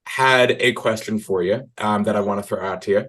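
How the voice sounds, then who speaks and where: A man's voice: lowish voice, a little fast, a bit bright. A man hosting a podcast interview, asking his questions hesitantly with lots of fillers. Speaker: podcast host.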